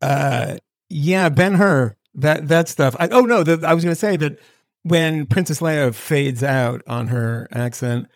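A middle-aged man hosting a podcast, rambling in casual chat with a gravelly voice. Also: a little high, measured pace, no echo, studio quality. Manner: rambling, animated storyteller. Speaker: podcast host.

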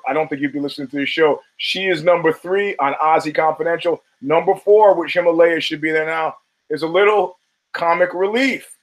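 In a casual podcast monologue on his own show, a man talks bluntly, cursing and tossing in laughing asides. His voice is a little high, the audio is poor, and both a camera mic and a studio mic were used.

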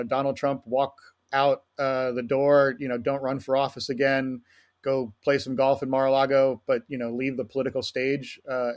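A man with a mid-range voice hosts a podcast interview. He works his way through long questions hesitantly, with many ums and you-knows. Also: mid-range voice. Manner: hesitant, filler-heavy questioning. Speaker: podcast host.

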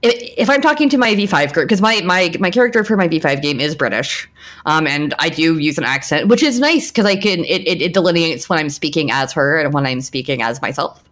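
A woman from the American South chatting casually as a podcast co-host, strident and loud, with many restarts. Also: low voice, a little fast. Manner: animated, many restarts and repeated words. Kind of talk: casual chat.

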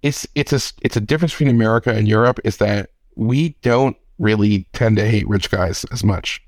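A man from Philadelphia, a guest on a podcast panel, thinking out loud in an animated way and swearing freely. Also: fairly low pitch, fairly quick, no room sound. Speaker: guest commentator. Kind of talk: casual panel chat.

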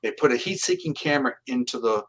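A man's voice: medium pitch, expressive, fast, a bit bright, low-quality recording. A man from Canada, a psychic medium guest in an interview, telling his stories in an earnest, plain-spoken way and often restarting his phrases. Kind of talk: storytelling in an interview.

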